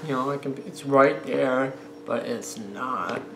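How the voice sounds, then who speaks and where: A man's voice: medium pitch, takes it slowly, crowd noise. A young man vlogging casually, cracking crude jokes in a loose, drawling way. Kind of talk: casual chat. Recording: echoey room with faint noise.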